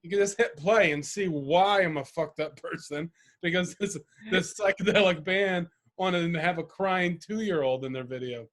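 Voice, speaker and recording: A man's voice: high voice, moderate pace, a bit bright. Rambling, profane man co-hosting a podcast. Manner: rambling, loose and profane, laughs often. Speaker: podcast co-host. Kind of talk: casual chat.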